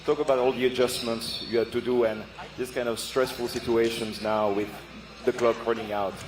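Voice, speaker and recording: A man's voice: medium pitch, level tone, moderate pace. A man reporting from courtside, putting upbeat questions to a player. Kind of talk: post-game interview.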